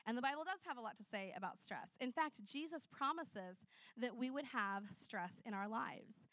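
A woman preacher with a fairly high voice tells stories in a loose, chatty sermon. She talks in an animated way and leans on lots of fillers. The sound is close and dry. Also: moderate pace, dry recording. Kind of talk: conversational sermon with storytelling.

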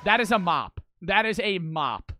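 A man hosting a reaction video, talking casually in a loud, blunt, profane way and laughing often. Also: sits high, expressive, unhurried, a little hiss or hum.

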